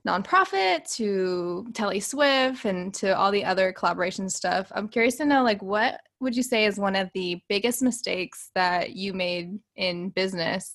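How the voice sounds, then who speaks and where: A woman's voice: mid-range voice, fairly bright tone. A woman hosting an interview, asking questions and backing the guest with short affirmations. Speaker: podcast host.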